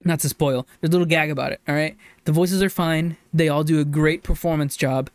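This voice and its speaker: A fairly high-voiced man co-hosting a podcast who gushes with excitement and often leaps up in pitch. The sound is dry and close, with no room around it. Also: a little fast, clean tone, dry recording. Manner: excitable, gushing, gasps and jumps up in pitch when delighted. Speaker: podcast co-host. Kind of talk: casual chat.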